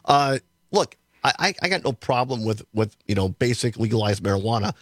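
A man's voice: medium pitch, animated, fairly quick, no room sound, studio quality. A man hosting a casual political talk radio show, rambling and repeating words, with frequent chuckles. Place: radio studio.

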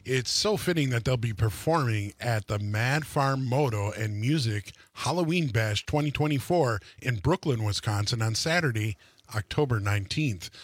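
A man hosting a radio interview in a studio, asking relaxed, chatty questions. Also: mid-range voice, no echo. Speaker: radio host. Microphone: studio mic, dry.

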